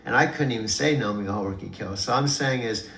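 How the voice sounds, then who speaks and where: A man's voice: lowish voice, fairly quick, fairly bright tone. A man patiently coaching, encouraging and repeating himself, laughing easily. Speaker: chanting practitioner coaching an AI. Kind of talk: casual instructional talk. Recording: echoey room with faint background noise.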